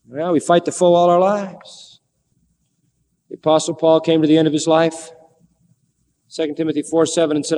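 A man preaching a folksy sermon, acting out voices of biblical figures with wide swings in pitch. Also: flat delivery, normal speed, long pauses, mellow. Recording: long hall reverb.

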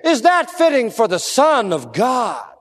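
A man voicing a taunting male Satan who goads and pushes, sometimes rising to shouts. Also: very high voice, wildly swooping pitch, a little slow, long reverb tail, exaggerated voice. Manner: goading, insistent, rising to shouts.

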